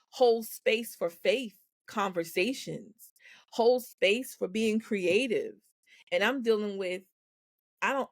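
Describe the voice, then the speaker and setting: A woman appears as a guest on a podcast, telling her story frankly and with animation, laughing often. Her voice is mid-range, and the sound is clean studio audio with no echo.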